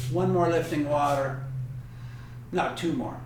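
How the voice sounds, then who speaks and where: A man leads a tai chi class, talking slowly and a bit high, chatty and correcting himself as he shows each move. He is heard from across a very echoey training room with a faint hiss behind him. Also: distant mic, music in the background. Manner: chatty, self-correcting, demonstrating moves. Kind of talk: teaching a class over video. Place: training room with heavy bag.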